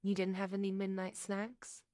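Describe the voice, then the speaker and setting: A woman voicing a teasing man who keeps pressing with mock-gentle questions, in a story reading. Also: mid-range voice, monotone, moderate pace, dry recording, clean studio sound, natural voice.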